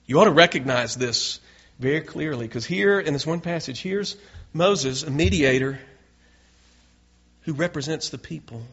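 A man's voice: on the high side, moderate pace, long pauses, a bit bright, slightly rough. A male pastor preaching a sermon in an earnest way, building to emphatic peaks. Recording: dull lo-fi recording.

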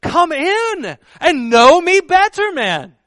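A preacher putting on a jolly booming Christmas ghost. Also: male voice, very animated, slow, bright, forceful tone, no room sound, clean studio sound, heavily acted. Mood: jovial invitation. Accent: put-on stage accent. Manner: hearty, inviting.

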